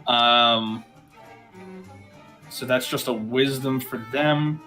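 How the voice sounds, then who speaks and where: A man's voice: mid-range voice, steady tone, very slow, sharp tone, soft background music. A man narrating a tabletop game as game master in a casual way, with frequent fillers.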